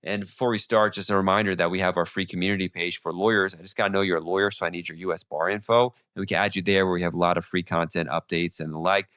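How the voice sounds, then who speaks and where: Deep voiced guy hosting a podcast, talks fast w lots of restarts, throat a bit sore, dry close mic. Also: steady tone, fairly bright tone, no room sound. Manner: fast-talking with many restarts and fillers. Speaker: podcast host. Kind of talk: casual monologue on legal updates.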